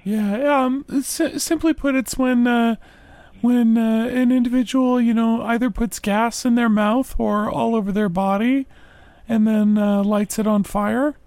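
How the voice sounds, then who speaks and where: A man co-hosting a comedy podcast, talking in a deadpan, matter-of-fact way. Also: extremely high pitch, measured pace, dry recording. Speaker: podcast co-host. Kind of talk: prank interview, casual chat.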